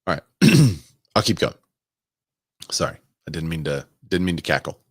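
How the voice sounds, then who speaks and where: Deep-voiced man hosting a chat. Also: sing-song, normal speed, husky, no room sound, clean studio sound. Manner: conversational, laughs and asides while reading aloud. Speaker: podcast host. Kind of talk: casual chat reading comments and articles.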